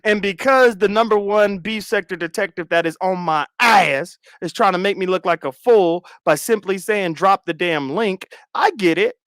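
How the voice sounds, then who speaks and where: A man in his thirties hosting a casual livestream chat, loud and animated, laughing constantly. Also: high voice, normal speed, hardly any pauses, dry recording, clean studio sound. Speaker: livestream host.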